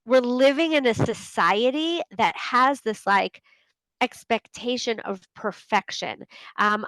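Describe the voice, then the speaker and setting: A woman's voice: a bit bright, clean tone, dry recording, rough recording. Chatty woman, dry close mic. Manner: chatty, many fillers, acts out inner voices with a raised pitch. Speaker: host of a group coaching call. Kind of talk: casual talk to an online group.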